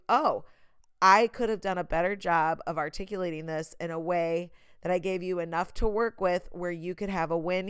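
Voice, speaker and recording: A woman's voice: on the low side, clear, resonant tone, no room sound. A woman hosting a podcast, talking through a heartfelt, reflective monologue and acting out bits of conversations. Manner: earnest, heartfelt, acts out quoted exchanges. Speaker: podcast host.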